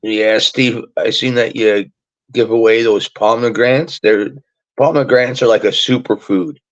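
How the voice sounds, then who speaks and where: A man talking casually on a livestream in a relaxed, offhand way. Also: fairly low pitch, measured pace. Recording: dull lo-fi stream audio.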